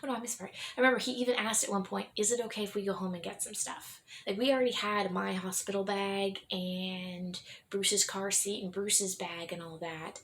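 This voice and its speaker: A young adult woman telling her own story in a candid, rambling way, often restarting her sentences and laughing softly. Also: mid-range voice, steady tone, a little fast, hardly any pauses, slight background noise.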